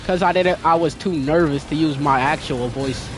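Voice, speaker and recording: A man's voice: fairly high pitch, moderate pace. A young man chatting casually with viewers while playing a game, in a slangy, talkative way. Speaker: gaming streamer. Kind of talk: casual gameplay commentary. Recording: game music playing behind.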